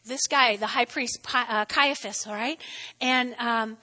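A woman pastor giving a lively sermon in a church, playful and exclamatory with chatty asides. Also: on the high side, a little slow. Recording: long reverb of a large hall.

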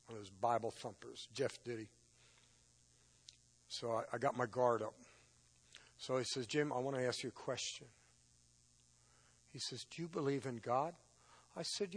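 Husky male preacher, testimony sermon, emotional storytelling, swings from hushed to loud. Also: medium pitch. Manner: emotional storytelling, rising to loud intense peaks.

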